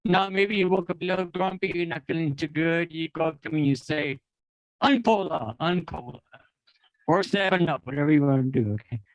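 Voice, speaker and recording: A man from the Apache nation emcees a dance for a festival crowd. He speaks in a somewhat high voice, friendly and instructive, and coaxes the audience into call-and-response. The sound is close and dry. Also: fast, hardly any pauses, dry recording, lo-fi sound. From Apache nation, North America. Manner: friendly, teaching, gives the audience phrases to repeat. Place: outdoor festival stage.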